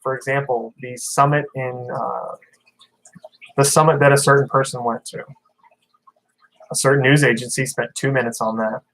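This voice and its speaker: A man's voice: mid-range voice, flat delivery, moderate pace, vocal fry, long pauses, a bit bright, poor audio. Man, casual rambling livestream chat, talks to viewers. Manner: rambling, chatty, reads viewer comments. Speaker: fish-keeping livestreamer.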